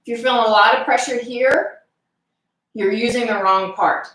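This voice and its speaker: A woman fitness instructor leading a live exercise class, calmly giving cues and counting reps aloud. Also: on the high side, normal speed, a little hiss or hum. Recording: echoey room, voice from far off.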